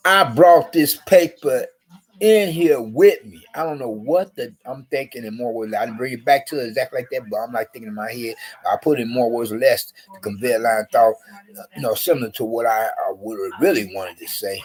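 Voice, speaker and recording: A man telling a story to camera in a rambling, profane, agitated rant, repeating himself and jumping up in pitch when he quotes his own comebacks. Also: fast talker, a little mellow. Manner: profane, repetitive, agitated; rises sharply when quoting himself. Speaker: vlogger.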